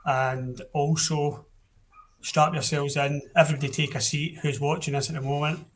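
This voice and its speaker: A man's voice: a little high, little pitch movement, moderate pace, a little hiss or hum. Blunt Scottish man chatting football. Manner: blunt and opinionated, frequent restarts. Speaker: podcast host. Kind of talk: casual football podcast chat.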